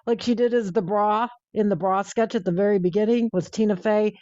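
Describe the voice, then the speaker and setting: A woman podcast host giving a measured, appreciative review of a comedy sketch. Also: mid-range voice, fairly even intonation, dark tone, no echo. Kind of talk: casual review chat. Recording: slightly dull lo-fi mic.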